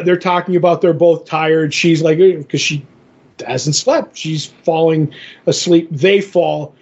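A man's voice: on the high side, darkish tone, muffled recording. A man co-hosting a podcast, casually retelling a comic issue in a rambling way full of fillers and restarts. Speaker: podcast co-host. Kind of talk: casual comic book recap.

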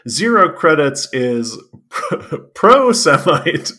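A man's voice: mid-range voice, animated, measured pace, a bit bright. Goofy guy cohosting a podcast, bouncy up-and-down voice, keeps cracking up at wordplay. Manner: playful and giggly, riffs on silly wordplay. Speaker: podcast co-host. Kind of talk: casual comedy podcast banter.

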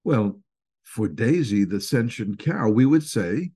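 Husky-voiced man with a Northeastern US accent. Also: lowish voice, takes it slowly. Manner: animated, acts out little quoted scenes. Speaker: speaker explaining stress and anxiety. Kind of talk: informal lecture.

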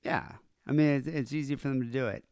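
A man's voice: mid-range voice, fast, gravelly, darkish tone, no echo. Man, podcast host, casual rambling chat, fillers, dry close sound. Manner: rambling, filler-heavy, laughs easily.

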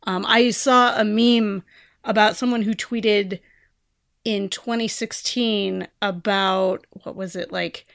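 A woman's voice: mid-range voice, steady tone, takes it slowly, gravelly, a bit bright, no room sound, clean studio sound. A woman co-hosting a podcast, chatting casually in a rambling way, with lots of fillers and sentences that trail off. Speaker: podcast co-host.

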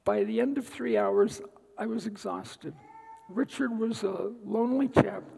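A man giving a guest talk at church, telling a personal story in an unhurried way with dry asides. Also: high voice, gravelly, dark tone, slightly rough, long reverb tail, rough recording. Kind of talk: sermon-style personal testimony. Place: church sanctuary.

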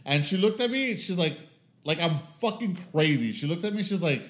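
A man co-hosting a podcast who tells stories against himself in a casual, lively way, swearing and laughing. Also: sits high, fast, echoey room. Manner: lively, self-mocking storyteller, swears, laughs. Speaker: podcast co-host. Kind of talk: casual chat.

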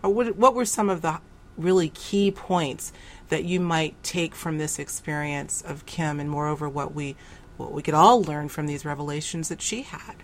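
A woman's voice: low voice, normal speed. A woman hosting an interview, asking reflective, probing questions. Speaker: host.

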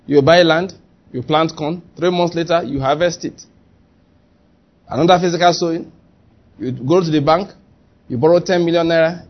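A man with a Nigerian accent, preaching a lively sermon and acting out quotes. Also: a little high, muffled recording. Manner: lively, chatty preaching with acted-out quotes and laughter. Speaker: pastor.

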